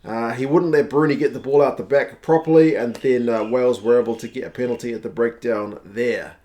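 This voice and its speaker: A man at a middle pitch talks through a rugby match in an easygoing, conversational way. He recaps each play in order and drops in the odd "uh" as he goes. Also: steady tone, fairly quick, dark tone. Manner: conversational, recaps plays step by step with frequent "uh". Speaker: channel host reviewing a rugby match. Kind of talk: casual match review.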